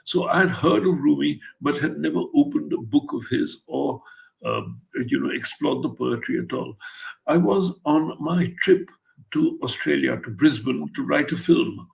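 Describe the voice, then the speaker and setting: A man's voice: on the high side, unhurried, vocal fry, rough recording. An older man from India, an author telling a blunt, wry story in an interview and acting out the quotes. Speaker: author interviewed about his translations.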